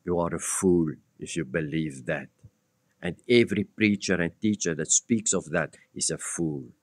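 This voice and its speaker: A man's voice: low voice, normal speed, no echo, studio quality. A man preaching an expository sermon, blunt and emphatic, who addresses his listeners directly and presses them with rhetorical questions. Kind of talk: expository Bible-teaching sermon.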